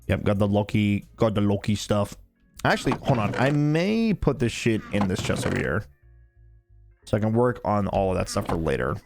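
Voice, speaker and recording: A tired male game streamer with a lively, bouncing voice who chats loosely and swears a lot. He sounds laid-back and drowsy. Faint music runs underneath. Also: on the low side, normal speed, vocal fry. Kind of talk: casual live-stream chat.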